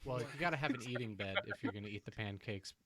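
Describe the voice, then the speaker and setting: A man's voice: on the low side, quick pace, noisy background. A man co-hosting a casual podcast, joking in a wry way and telling a story about a coworker. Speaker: podcast co-host.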